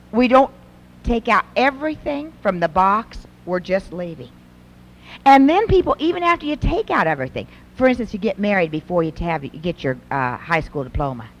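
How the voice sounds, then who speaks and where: A middle-aged woman giving a folksy, conversational talk to an audience of women, acting out little scenes between mothers and daughters. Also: fairly high pitch. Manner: animated, folksy, acts out mothers and daughters in quotes. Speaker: speaker at a Christian women's event.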